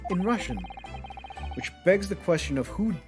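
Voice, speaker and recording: A man's voice: sits high, animated, moderate pace. A man voicing a polite, earnest young woman assistant who speaks formally, over game music. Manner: formal, courteous speech.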